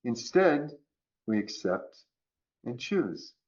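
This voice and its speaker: A man talking as a podcast guest about choice and resilience, acting out quoted voices in an animated way. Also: medium pitch, slow pace, highs cut off. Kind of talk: conversational coaching talk.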